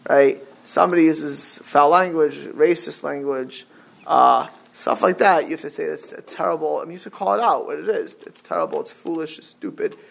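A man's voice: fairly high pitch, normal speed, gravelly. A man giving a religious lecture as a Torah teacher, talking animatedly with many restarts and Hebrew terms, and breaking into sudden exclamations.

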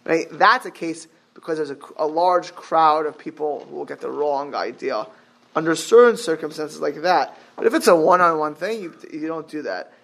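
A man's voice: fairly high pitch, normal speed, creaky, a bit bright. A man giving a religious lecture as a Torah teacher, talking animatedly with many restarts and Hebrew terms, and breaking into sudden exclamations.

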